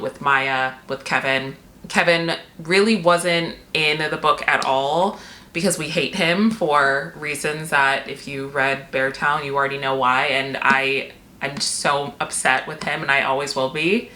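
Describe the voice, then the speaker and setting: Her voice sits low with a sharp edge as this thirty-something woman from Seattle talks openly in a laid-back vlog, quick to curse and laugh. It's captured on the camera's built-in mic, no external one, in an echoey home room with slight background noise.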